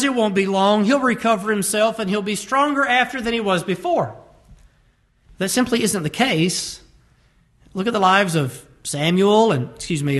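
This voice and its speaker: A man preaching a sermon, stressing key words by slowing down and speeding up between phrases. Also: high voice, a bit bright. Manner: emphatic, varies pace to stress words.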